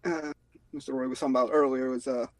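A man chatting on a podcast, speaking haltingly with many pauses. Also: mid-range voice, fairly even intonation, no room sound, rough recording. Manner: hesitant, halting, unhurried. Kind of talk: casual chat.

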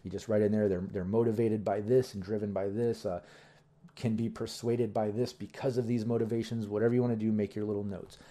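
A man who runs tabletop games, giving casual advice in a rambling, relaxed way full of ums and you-knows. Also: lowish voice. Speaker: game master giving tips. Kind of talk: casual instructional talk.

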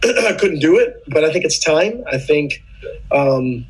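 A man's voice: on the high side, expressive, unhurried, slightly rough, rough recording. A man, a podcast guest, explaining immigration policy in casual political chat, earnest and patient, often restarting his sentences.

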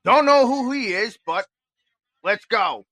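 A man hosts a casual live watch-along, talking in a rambling, excitable way full of fillers. His voice sits high and sounds bright and forceful. The sound is dry, with no room echo. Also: slow. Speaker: podcast host.

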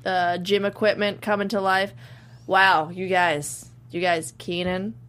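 A woman's voice: lowish voice, level tone, unhurried, fairly bright tone. Easygoing woman chatting casually. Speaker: podcast co-host. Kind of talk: casual chat reviewing a comedy show.

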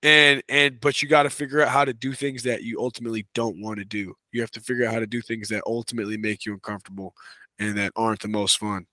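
A man's voice: mid-range voice, fast talker, dry recording. Chatty man coaching talk, dry mic. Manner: relaxed, chatty, many fillers like "you know" and "right". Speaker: wrestling coach, podcast guest. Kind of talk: casual conversational interview.

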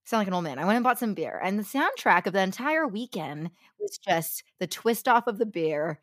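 A young woman co-hosting a podcast, animated and jokey in casual chat. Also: mid-range voice. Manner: animated, fast-talking, jokey. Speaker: podcast co-host.

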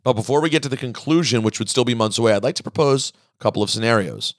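Male podcast host, mid-pitched, close dry mic, animated mailbag reader. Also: fast talker, no echo. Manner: animated, reads listener emails aloud. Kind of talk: casual chat, reading mailbag.

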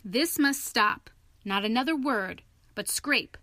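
A woman voicing a clever, eager male water rat who speaks in an emphatic, impatient and excitable way. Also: fairly high pitch, moderate pace, no room sound, studio quality.

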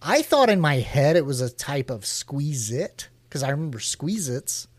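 A man's voice: a little high, moderate pace, no room sound. A man with a slightly raised voice is chatting casually and laughing often. He tells stories with a lot of life in them. The recording is dry and close, with almost no room sound. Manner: laughs often, animated storytelling. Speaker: podcast co-host. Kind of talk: casual chat.

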